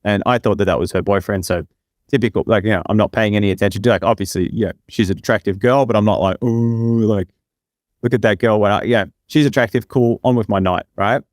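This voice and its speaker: A man's voice: on the low side, quick pace, no echo, clean studio sound. Rambling young man telling a story. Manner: rambling, full of fillers and "right?" tags. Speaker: podcast co-host. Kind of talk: casual storytelling.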